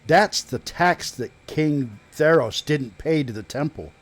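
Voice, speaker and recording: A man running a tabletop game as game master, narrating the scene in a halting, measured way with pauses and restarts. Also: a little high, animated.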